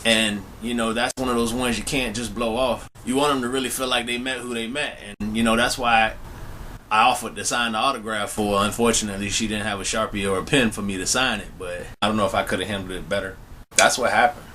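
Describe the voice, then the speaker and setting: A man's voice: fairly low pitch, steady tone, fast, pushed and bright, a little hiss or hum. A young man telling a personal story to his viewers in a laid-back, slangy way, often speaking to them directly. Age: young adult. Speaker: vlogger. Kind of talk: casual storytelling to camera.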